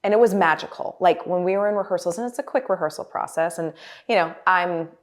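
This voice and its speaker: A guest performer in her forties talks fast in a fairly low voice. She chats animatedly in a casual interview, telling stories and frequently using fillers and restarting.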